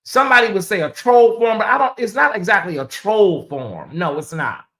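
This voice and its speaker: Speaking at normal speed in a medium-pitched, slightly bright voice, a woman sounds animated while hosting a laid-back livestream. Her talk wanders and repeats itself, aimed squarely at her chat.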